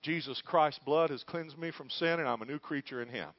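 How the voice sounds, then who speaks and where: A man's voice: a little high, fairly quick, natural voice. Pastor playing a plain-spoken white-haired guy, firm but polite, dull lo-fi audio. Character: earnest reformed drinker, older white-haired man.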